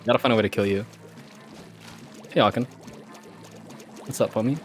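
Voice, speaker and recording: A man's voice: fairly low pitch, normal speed, soft background music. A man chatting playfully while playing a video game on stream, teasing his co-player and laughing often. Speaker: guest co-player. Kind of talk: casual gaming banter on stream.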